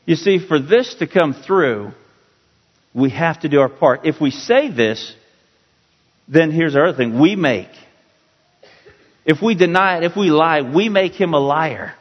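Man teaching scripture, emphatic and deliberate. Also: fairly high pitch, expressive. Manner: slow, emphatic, repeats key words. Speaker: pastor. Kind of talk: verse-by-verse Bible teaching. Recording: dull, roomy hall sound.

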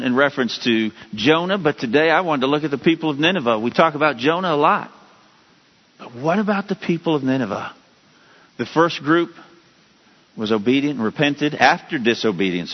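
A man preaching a sermon as a pastor, with sudden rises in pitch and emphasis. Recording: dull lo-fi sound with long hall reverb.

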